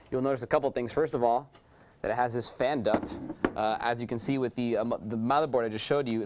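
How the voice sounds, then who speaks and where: Male presenter, quick eager sales patter, middle pitch, casual demo delivery. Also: slight background noise. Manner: enthusiastic salesy patter with many fillers. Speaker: product presenter. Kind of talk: unscripted product demo.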